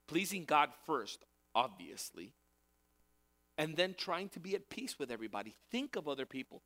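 Male pastor, slightly higher voice, casual sermon delivery with emphatic repeats. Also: very animated, moderate pace, bright, forceful tone. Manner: conversational preaching with emphatic repetition.

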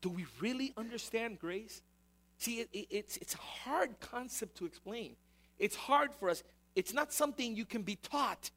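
A man's voice: extremely high pitch, animated, normal speed, gravelly, bright, forceful tone. A man preaching a sermon, emphatic and repetitive, posing rhetorical questions to the congregation. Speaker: pastor.

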